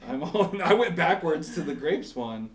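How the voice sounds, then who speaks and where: A man's voice: on the high side, lively intonation, normal speed. A man hosting a casual quiz game, teasing and rambling in playful banter. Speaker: pastor and show host. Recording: echoey room.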